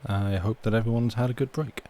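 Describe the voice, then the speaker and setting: A streamer reading stories aloud chats casually with his live audience between readings, rambling, restarting sentences, interrupting himself and chuckling in asides. His medium-pitched voice is dark, fairly quick and fairly even in intonation, with a little hiss or hum.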